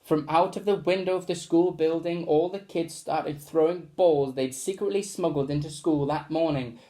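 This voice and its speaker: A man reading a children's storybook aloud in a lively way, adding sound effects as he goes. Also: fairly high pitch, normal speed.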